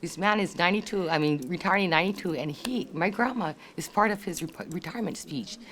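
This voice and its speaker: An older woman in her sixties with a Hawaii local English accent tells family memories in a relaxed, chatty way. She laughs often and slips into her relatives' voices as she goes. Her voice sits on the low side, with a faint hum of background noise. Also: fast talker. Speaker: family member sharing memories. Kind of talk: casual storytelling. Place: family reunion gathering.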